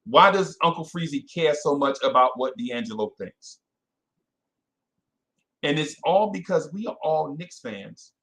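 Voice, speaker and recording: A man hosting a casual fan podcast, animated and self-correcting, calling out listeners by name. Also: on the high side, a little slow. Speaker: podcast host. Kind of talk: casual live-stream chat with fans.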